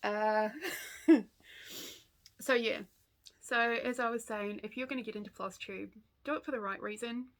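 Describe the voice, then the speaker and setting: Kiwi woman in her fifties, a stitching vlogger, fairly high voice, rambling and laughing as she chats. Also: steady tone, measured pace, long pauses. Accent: New Zealand. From New Zealand. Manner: rambling and chatty, laughs often, goes off on tangents. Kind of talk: casual chat to camera.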